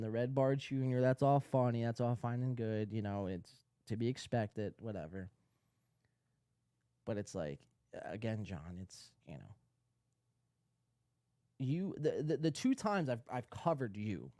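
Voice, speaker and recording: Animated, profane man ranting on a podcast. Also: mid-range voice, no echo, clean studio sound. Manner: animated, profane, sarcastic, rambling with restarts. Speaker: podcast host. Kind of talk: ranting commentary.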